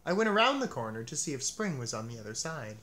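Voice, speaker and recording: A man's voice: medium pitch, sing-song, quick pace. A man reading aloud voices a cheerful, eager male frog who coaxes his friend along. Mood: storytelling. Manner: bright, coaxing and upbeat.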